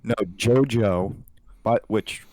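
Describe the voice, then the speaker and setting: A man co-hosting a podcast in casual chat, crude and deadpan in his jokes. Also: fairly low pitch, slow pace, no echo. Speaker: podcast co-host.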